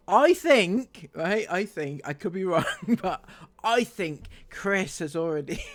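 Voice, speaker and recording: A man doing sarcastic commentary on online comments, laughing often. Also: a little high. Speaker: commentary YouTuber.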